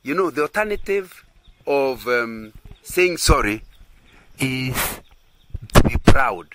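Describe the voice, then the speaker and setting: A man's voice: mid-range voice, expressive, slow, fairly bright tone, a little hiss or hum, low-quality recording. A man teaching in a sermon style who keeps checking that listeners agree and often repeats and restarts his phrases. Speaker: Christian teacher.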